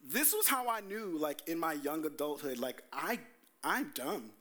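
A man's voice: a little high, measured pace. A young adult man, preaching a sermon as pastor, telling stories animatedly and acting out quotes. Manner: animated storytelling, quoting himself in voices.

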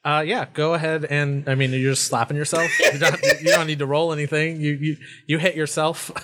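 A man narrating and ruling as game master in a tabletop game, explaining in a casual, halting way. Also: a little high, level tone, very noisy.

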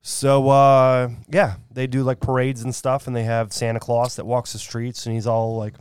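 Man, rambling storyteller, casual podcast chat, filler-heavy, mid pitch, dry sound. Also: completely flat delivery, moderate pace, a little mellow, clear, resonant tone, dry recording. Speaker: podcast co-host.

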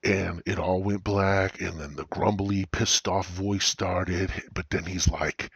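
A man hosting a podcast, telling a profane, meandering comedic story in a husky, stoned drawl. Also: sits low, fairly even intonation, slow pace, hardly any pauses, a bit bright, dry recording. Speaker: podcast host. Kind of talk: rambling comedic monologue.

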